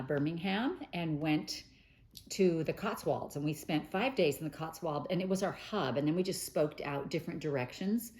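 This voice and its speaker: With a low, slightly mellow voice, a middle-aged woman chats to camera as host of a quilting news show. She gushes, often using fillers and starting over.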